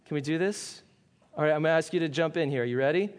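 Male preacher, high-pitched, earnest, questions the congregation, slows for emphasis. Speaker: pastor. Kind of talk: sermon.

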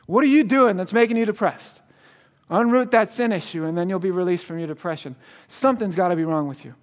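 High-voiced storytelling preacher man. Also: quick pace. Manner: storytelling with laughs and repeated restarts. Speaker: guest preacher. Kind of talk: sermon. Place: church.

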